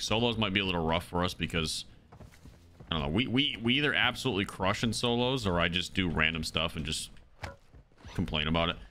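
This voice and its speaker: A man's voice: deep voice, sharp tone, slight background noise. A man streaming a shooter game, chatting loosely with his viewers in casual commentary. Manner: chatty, loose, talks to chat as "dude" and "brother". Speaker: livestreamer playing a shooter. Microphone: streaming mic through an audio mixer.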